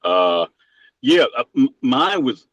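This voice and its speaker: A man co-hosting a podcast over a remote call, relaxed and apologetic as he joins the conversation. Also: mid-range voice, slow, no room sound, highs cut off. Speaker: podcast co-host. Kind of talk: casual conversation.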